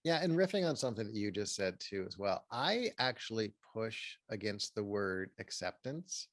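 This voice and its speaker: A man, a therapist and author, giving earnest, measured advice as an interview guest. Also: on the low side, big pitch swings, a bit bright, no room sound. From Pasadena, California.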